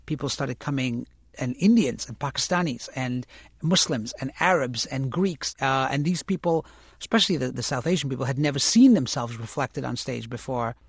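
A man's voice: medium pitch, moderate pace, vocal fry, husky, no echo. Reflective man speaking close and dry. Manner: reflective, many restarts and "you know". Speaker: actor and author, interview guest. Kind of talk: conversational interview.

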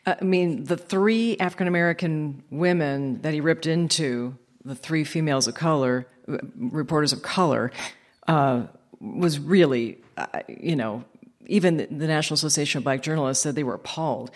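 A woman's voice: low-pitched, moderate pace. A woman interviewer asking probing, direct questions.

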